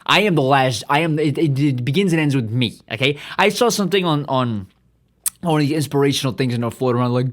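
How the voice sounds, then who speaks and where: A man's voice: medium pitch, fast. A man hosting a podcast, delivering a profane, rambling, self-aggrandizing comedic monologue. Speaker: podcast host.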